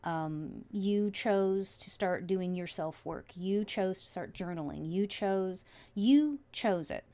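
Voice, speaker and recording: A woman's voice: medium pitch, slow pace. Woman tarot reader, chatty and heartfelt, gets giddy and breaks off mid-sentence. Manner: excitable, emotional, often trails off and restarts. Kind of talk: casual tarot reading to viewers.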